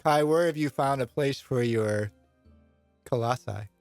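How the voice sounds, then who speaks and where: A man's voice: medium pitch, measured pace, dry recording, faint music behind. Laid-back man narrating a tabletop game. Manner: loose, rambling, laughs often. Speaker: game master.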